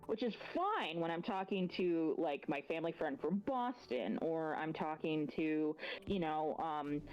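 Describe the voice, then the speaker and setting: A woman who works as a teacher, chatting as a guest in a relaxed, rambling way. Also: deep voice, a little slow, dull audio. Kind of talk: casual chat.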